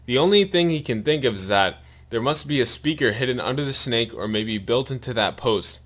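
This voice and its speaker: A man reading a long story aloud in a steady narrating voice, his mouth sore and bleeding after a wisdom tooth removal. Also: medium pitch, fairly quick. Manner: steady read-aloud narration with pained asides.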